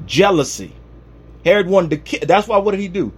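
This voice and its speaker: A man's voice: high voice, animated, a little fast, a little mellow, husky. A man preaching a humorous, conversational sermon, retelling Bible stories with comic asides.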